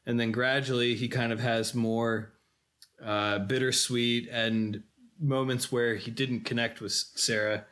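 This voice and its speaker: A man co-hosting a casual film podcast, walking through the story in careful detail. His voice sits at an ordinary pitch. He often pauses on fillers as he goes. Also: level tone, a bit bright. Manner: detailed plot recapping with frequent fillers. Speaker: podcast co-host.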